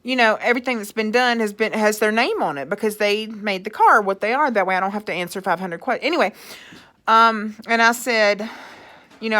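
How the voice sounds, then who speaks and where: A furious woman vents to her vlog audience, reading out her own texts in a heated, sarcastic tone. She swears freely, and her voice sits at an ordinary mid pitch. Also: expressive, brisk, fairly bright tone. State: angry. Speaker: vlogger. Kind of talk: angry rant reading out texts.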